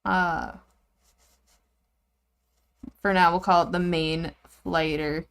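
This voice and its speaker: A young woman chatting casually and giggling as she draws, rambling and often trailing off quietly. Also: on the low side, steady tone, measured pace, creaky, smooth. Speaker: streamer drawing goose characters. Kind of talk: casual chat while drawing.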